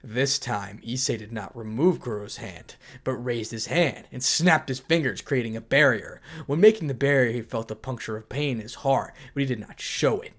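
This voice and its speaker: A man's voice: mid-range voice, moderate pace, hardly any pauses, a bit bright. Man reading a fan story aloud. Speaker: fanfic reader. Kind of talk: story narration.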